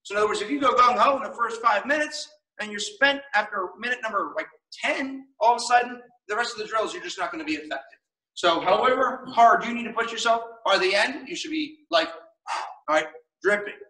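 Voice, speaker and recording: Male martial arts instructor, high bright voice, upbeat and encouraging, calling out drills; recorded from across an echoey studio. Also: expressive, fairly quick, distant mic. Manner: upbeat, encouraging, casual with fillers.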